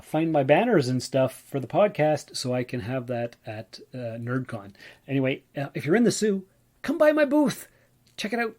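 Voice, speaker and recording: Rambling excitable male podcast host. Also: mid-range voice. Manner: rambling and excitable, many uh fillers. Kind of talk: casual solo podcast chat.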